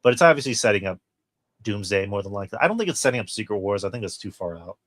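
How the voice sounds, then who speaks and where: A man with a lowish voice hosts a relaxed film review chat. He walks through scenes one by one and acts out what the characters say. The sound is dry and close. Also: rapid-fire, no room sound. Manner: retells scenes at length, acting out lines. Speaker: podcast host. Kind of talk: casual movie review chat.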